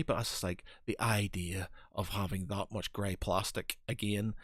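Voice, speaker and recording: A man co-hosts a podcast, chatting casually and rambling with lots of fillers and restarts. His voice is fairly low and a bit bright, at a moderate pace. The recording is dry and studio quality.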